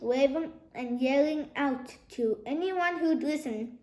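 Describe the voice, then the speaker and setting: A woman reading a children's novel aloud, narrating in an expressive, lively way, recorded in an echoey room. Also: sits high, takes it slowly, hardly any pauses. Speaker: storybook narrator.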